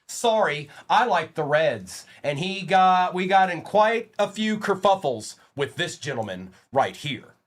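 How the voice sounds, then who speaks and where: A man hosts a live trading card break stream, animatedly calling out each card while chatting casually with viewers. His voice sits high, and he speaks unhurriedly with few pauses.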